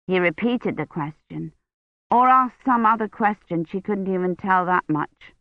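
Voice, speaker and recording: A woman reading a novel aloud at a measured, even pace, mid-pitched and steady. The sound is thin and phone-like. There is no room echo at all. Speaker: audiobook narrator. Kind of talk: scripted narration. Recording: tinny phone-like dry audio.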